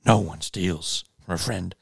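A man voicing a big-bellied, loyal tough-guy thug in an improvised comedy role-play, with a gravelly low drawl. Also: measured pace, no echo, studio quality, full character voice. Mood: gruff.

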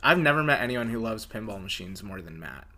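A man's voice: on the low side, sing-song, a little fast, pushed and bright. A man from Southern California co-hosting a podcast, asking questions and cracking dry, teasing jokes. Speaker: podcast co-host. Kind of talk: casual chat.

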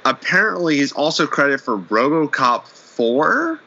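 A man in a casual podcast chat, retelling a horror episode with animated storytelling and acting out the characters' lines. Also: on the high side, a little slow, lo-fi sound.

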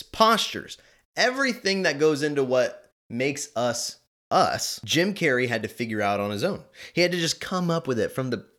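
A man hosting a casual podcast, rambling and correcting himself as he talks. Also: medium pitch. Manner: animated, rambling, self-correcting. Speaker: podcast host. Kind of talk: casual chat.

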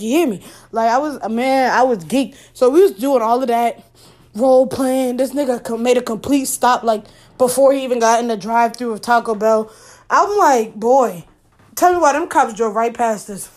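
Young adult woman, slightly high voice, casual storytime, animated, profane, acts out her own lines. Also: normal speed.

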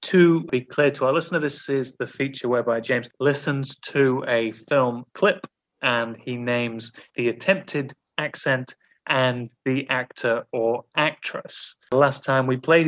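A man's voice: medium pitch, measured pace, fairly bright tone. A man hosting a podcast, mock-formal and teasing in casual chat. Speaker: podcast host.

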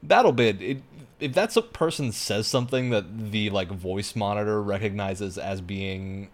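A man with a fairly low voice co-hosting a relaxed gaming podcast. He explains his views at length, working through each point with fillers and restarts. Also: moderate pace. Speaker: podcast co-host, game developer. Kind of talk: casual panel chat.

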